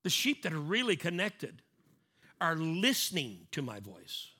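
A man's voice: on the high side, huge pitch swings, a little slow, bright, forceful tone, slightly rough. A middle-aged man preaching a sermon in a conversational way, acting out little scenes and repeating key lines for emphasis. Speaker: pastor.

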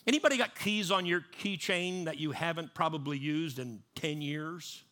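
High, bright-voiced male preacher. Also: moderate pace. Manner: conversational, repeats and restarts, acts out panicked voices. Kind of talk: sermon.

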